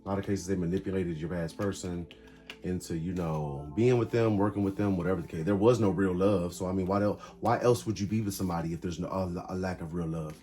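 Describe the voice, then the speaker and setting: Brief: male tarot reader, casual and emphatic, short card-by-card bursts, soft music underneath. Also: deep voice, fast. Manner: talks through cards in short bursts, animated and emphatic.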